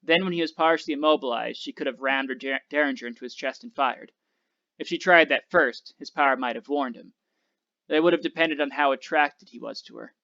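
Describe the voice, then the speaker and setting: Male teacher reading a novel aloud, steady and expressive, bright and gravelly voice. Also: mid-range voice, a little fast, dull audio.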